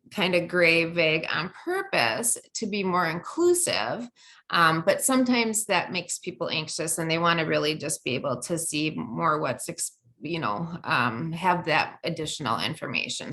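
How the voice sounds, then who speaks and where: Chatty woman trainer, low voice. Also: sing-song, unhurried, sharp tone. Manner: conversational, many fillers and restarts. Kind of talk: training presentation.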